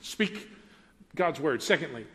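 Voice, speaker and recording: A man's voice: fairly high pitch, lively intonation, a little slow, a bit bright. A man preaching a sermon as pastor, talking conversationally and turning to ask the congregation questions. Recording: preached in a reverberant church hall.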